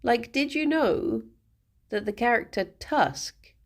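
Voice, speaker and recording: Woman streamer, casual rambling chat, slow and giggly. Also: fairly high pitch, lively intonation. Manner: rambling and giggly, laughing often.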